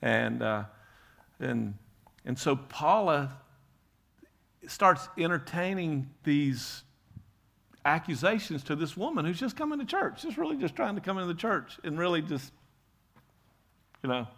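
A man's voice: on the high side, very animated, a little slow, gravelly, pauses often, a bit bright. A middle-aged male pastor telling a story in a sermon, casual and rambling, full of "you know" and restarts.

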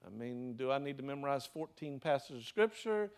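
A Southern US man delivering a sermon as pastor, his voice sitting a bit high for a man. He keeps firing questions at the congregation and answering them himself. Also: animated, normal speed, few pauses, fairly bright tone. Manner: preaching with rhetorical questions to the congregation.

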